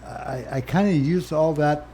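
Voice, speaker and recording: An older man from Canada speaks as an interview guest, his mellow, warm-toned voice moving between hushed reflection and sudden animated bursts. He talks plainly and earnestly about his own life. A faint hiss sits under the recording. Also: fairly high pitch, a little slow. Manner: earnest, plain-spoken, swings from quiet to animated. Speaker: interview guest, former First Nations chief. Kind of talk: candid personal storytelling.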